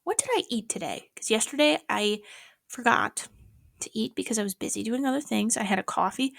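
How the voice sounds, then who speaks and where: A woman's voice: a little high, brisk, creaky, no echo, studio quality. A young woman chatting casually in a rambling vlog about her day, sometimes dropping to a whisper. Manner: rambling, animated, swings into whispers. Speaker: vlogger. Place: small apartment at night.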